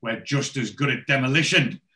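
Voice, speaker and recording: A man's voice: medium pitch, moderate pace. A man on a podcast, recapping a TV series in casual chat, quoting the characters' dialogue with lots of fillers and restarts. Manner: animated storyteller, many fillers and restarts. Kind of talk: casual chat, retelling scenes with quoted dialogue.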